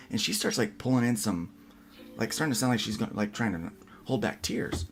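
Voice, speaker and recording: A man's voice: fairly low pitch, fairly quick. A man hosting a casual livestream podcast, telling a rambling family story full of restarts. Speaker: podcast host.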